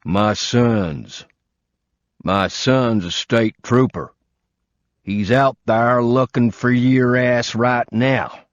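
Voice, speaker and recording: A man voicing an old southern American man in his sixties who holds a gun, swearing in a slow drawl. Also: mid-range voice, fairly even intonation, no room sound, voice pushed up. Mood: menacing drawl. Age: 60s. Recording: dull lo-fi recording.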